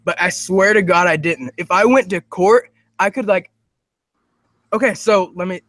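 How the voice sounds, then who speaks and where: A young man, a guest prankster, telling his stories in a rambling, excitable way with lots of fillers. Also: high voice, measured pace, dry recording, studio quality. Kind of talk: casual chat.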